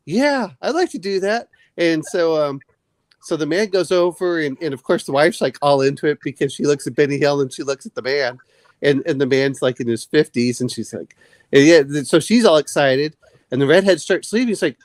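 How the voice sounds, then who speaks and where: A man rambles through a story in a casual late-night chat, stumbling over repeated words. His voice sits a little high. The sound is dry and close, with no room around it. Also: no room sound. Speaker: podcast co-host.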